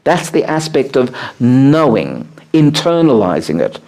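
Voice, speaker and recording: A rabbi teaching a small live group, explaining ideas with animated, swooping emphasis and many "uh" fillers. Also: male voice, measured pace. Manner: animated, swooping pitch on key words, frequent "uh" fillers. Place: room with a small seated group.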